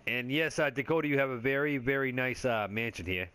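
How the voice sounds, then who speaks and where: A man's voice: mid-range voice, a little fast, a bit bright, clean tone. Rambling, laid-back man narrating gameplay. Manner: rambling, joking, swears freely; laid-back stoner chatter with frequent fillers. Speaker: gaming video creator. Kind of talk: casual gameplay commentary.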